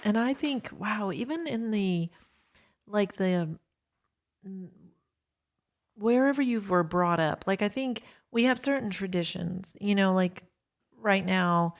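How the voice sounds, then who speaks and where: A woman's voice: medium pitch, animated, slow pace, pauses often. A woman co-hosting a podcast who talks hesitantly, hunting for words as she goes. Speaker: podcast co-host. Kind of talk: reflective podcast conversation.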